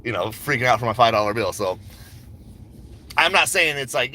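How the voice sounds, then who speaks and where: Expressive and a little fast, a man with a mid-range voice sounds pushed and bright, with some hiss or hum. Livestreaming on his phone while he drives and queues for coffee, the stock market vlogger rambles casually about his picks, laid-back, joking, swearing and laughing often.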